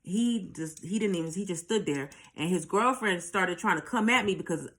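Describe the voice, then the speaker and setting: Speaking at a moderate pace in a lowish, slightly bright voice, this woman bluntly recounts a personal story on her channel. She swears freely and repeats lines to drive points home.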